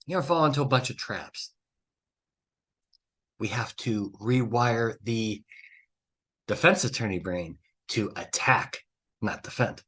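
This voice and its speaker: With a husky, fairly bright mid-range voice, this podcast host speaks at a measured pace and pauses often. A trial consultant talking solo, he dispenses blunt, emphatic advice laced with swearing and exasperated outbursts.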